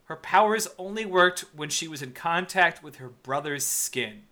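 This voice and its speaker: A man's voice: on the high side, expressive, moderate pace, pushed and bright. A young man co-hosting a podcast, chatting casually about a movie, laughing often and swearing. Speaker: podcast co-host. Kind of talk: casual movie-review banter.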